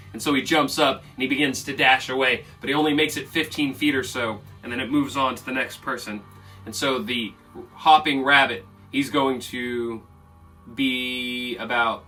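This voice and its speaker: Acting as game master for a tabletop game, a man narrates the action casually and loosely, with plenty of fillers. His medium-pitched voice is bright and forceful, but he sits some distance from the mic, and faint music plays in the background.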